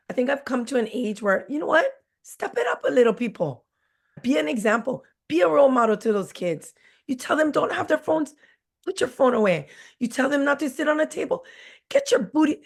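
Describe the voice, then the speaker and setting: A woman in her forties, a teacher appearing as a guest, tells classroom stories in a candid, blunt, jokey way. Her voice is high, gravelly, animated and brisk.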